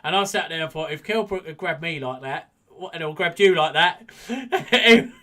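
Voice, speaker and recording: A man's voice: a little high, moderate pace, sharp tone. A man co-hosting a casual boxing podcast, chatty and rambling, with lots of restarts. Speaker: podcast co-host.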